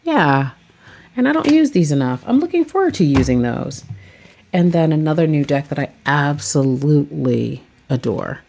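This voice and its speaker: A woman with a low, sing-song voice speaks at normal speed with vocal fry and a darkish tone, over a little hiss or hum. She's a tarot reader and vlogger chatting casually about her tarot decks, rambling and saying "like" a lot.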